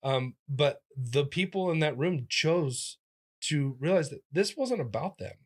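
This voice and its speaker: A man, a comedian, telling stories in a casual interview, animated and acting out the voices of people he quotes with sudden jumps in pitch. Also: a little slow. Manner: talks in restarts and fillers, lively physical-comic energy. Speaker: comedian guest.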